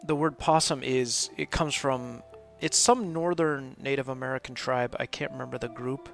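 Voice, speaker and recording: Man, game streamer host, chatty and meandering, fry in the voice, soft music under. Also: medium pitch, steady tone, moderate pace. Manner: rambling, chatty, laughs often. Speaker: host of a live gaming stream. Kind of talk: casual gameplay commentary.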